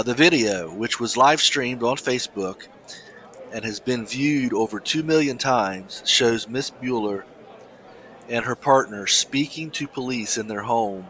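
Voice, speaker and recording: A man's voice: medium pitch, a bit bright, poor audio. A man co-hosting a casual talk show, chatting with many restarts and reading a news story aloud. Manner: halting, many restarts and fillers. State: coughing, something in windpipe. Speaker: podcast co-host.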